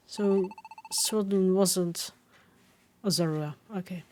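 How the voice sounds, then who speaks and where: A woman's voice: mid-range voice, lively intonation, unhurried. A woman streaming a story game live, reading the dialogue aloud and adding chatty asides. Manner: chatty asides between read lines.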